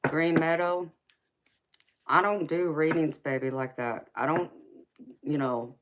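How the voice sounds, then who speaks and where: A woman with a heavy Southern US drawl and a strikingly deep voice chats casually on her tarot live stream. She sounds folksy and easygoing and keeps calling her viewers sweetheart and honey. There is a faint hiss behind her. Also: fairly even intonation, slow pace. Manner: folksy, calls listeners baby, sweetheart and honey.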